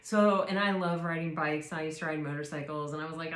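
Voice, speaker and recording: A woman giving a tarot reading as a casual spiritual chat, rambling with many fillers and restarts in a soft, reassuring way. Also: low-pitched, steady tone, fast talker, hardly any pauses. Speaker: tarot reader. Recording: roomy echo.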